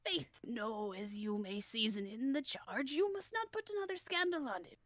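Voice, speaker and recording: A woman playing a fussy, long-winded old courtier, high voice that swoops about, rambling and tripping over the words, dry close sound. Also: lively intonation, normal speed, fairly bright tone, no room sound. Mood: pompous. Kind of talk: unrehearsed comic play reading.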